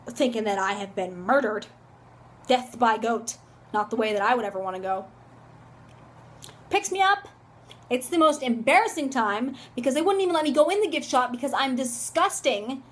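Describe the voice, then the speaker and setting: A young woman telling a story for her vlog in a dramatic, animated way, recorded on a phone camera. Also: fairly high pitch, normal speed, pauses often. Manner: dramatic, animated, shrieks when reenacting. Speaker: vlogger.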